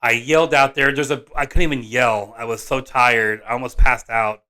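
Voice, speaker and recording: A man, a father and vlog host, telling a personal story in an animated, rambling way, often restarting and correcting himself. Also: medium pitch, moderate pace. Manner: excitable, rambling, frequent restarts and self-corrections.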